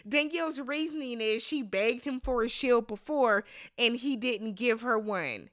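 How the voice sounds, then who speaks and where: Exasperated woman doing a reality tv recap vlog, bright sharp voice, kinda high, swears a lot. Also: unhurried. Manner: blunt, exasperated, swears freely, mock-screams reactions.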